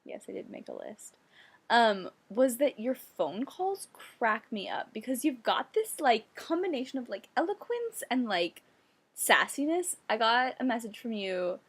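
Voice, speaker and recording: Gushing high-voiced young woman, husky creak. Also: big pitch swings, a little slow. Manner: gushing, effusive, full of "like" fillers. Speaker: friend giving a birthday message. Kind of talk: casual heartfelt monologue.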